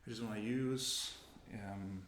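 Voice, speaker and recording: A developer casually narrates his coding session in a slow, fairly low, steady voice, thinking aloud with frequent pauses and self-corrections. It's relaxed screencast commentary recorded in a roomy space with noticeable background noise, where keyboard typing and mouse clicks can be heard.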